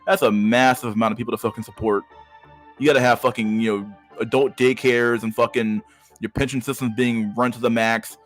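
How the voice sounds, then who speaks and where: A man hosting a podcast, reading a news article aloud and cutting in with crude, slangy remarks. His voice sits at an ordinary pitch for a man. Faint music plays behind him. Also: fairly even intonation, fairly quick. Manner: profane, slangy asides. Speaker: podcast host.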